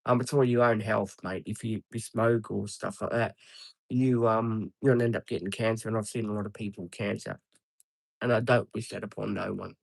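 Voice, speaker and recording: A man's voice: on the low side, steady tone, a little fast, creaky, dry recording, poor audio. A man with an Australian accent chatting casually with viewers on a live stream, laughing often and calling everyone mate.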